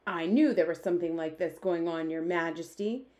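Woman reader as bluff army chief; impatient, loud. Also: on the low side, moderate pace, natural voice. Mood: blustering. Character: blustering male army chief, gruff and impatient.

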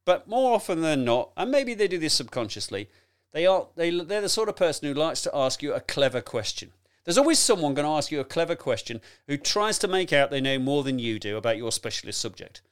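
A man coaching on presentation skills in a chatty, animated teaching talk, addressing the listener directly and laughing often. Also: fairly high pitch, a little fast, clean tone.

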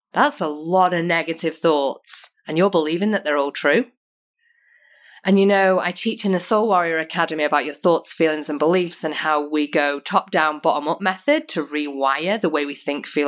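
English lady coach doing a motivational podcast, lowish voice, earnest and punchy, lots of rhetorical questions. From United Kingdom. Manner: earnest, emphatic, uses repeated rhetorical questions. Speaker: podcast host and personal coach.

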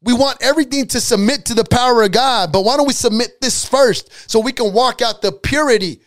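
High-voiced man preaching with emphatic repetition. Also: fairly quick. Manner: emphatic repetition, rhetorical questions; colloquial, drops into dialect grammar. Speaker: preacher teaching on healing. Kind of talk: sermon.

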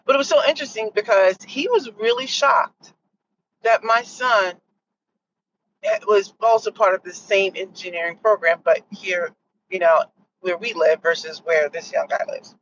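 A middle-aged woman hosting a podcast, telling a story in a casual, animated way and acting out what others said. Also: mid-range voice, normal speed. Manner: animated, acts out others' lines with laughs. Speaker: podcast host. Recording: distant muffled mic with faint noise.

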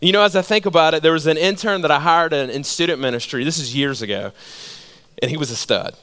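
High-voiced animated male preacher. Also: quick pace, clear, resonant tone. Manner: animated storytelling with rhetorical questions. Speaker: pastor. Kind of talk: sermon.

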